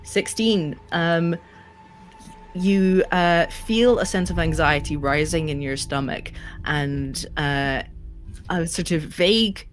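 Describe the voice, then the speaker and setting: A woman's voice: sits low, slow pace, soft background music. A woman running a tabletop game as game master, narrating with many ums and uhs. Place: home, streaming online.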